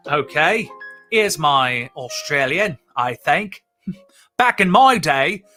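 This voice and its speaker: A man's voice: fairly high pitch, pushed and bright. A man hosting a comedy stream, chatting casually to camera in a rambling, self-mocking way and laughing often.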